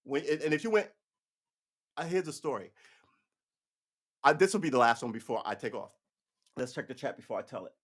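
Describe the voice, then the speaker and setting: A man's voice: medium pitch, a little fast, pauses often, husky. A man in his forties hosting a livestream, ranting casually with lots of swearing and restarts. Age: 40s. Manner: profane, rambling, animated talk with restarts. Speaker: livestream host.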